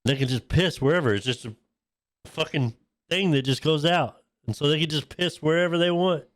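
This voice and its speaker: A man's voice: a little high, normal speed, dry recording, clean studio sound. A man co-hosting a podcast, telling crude stories in casual chat and pushing his point by repeating himself. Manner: profane, animated storyteller, keeps saying listen. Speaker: podcast co-host.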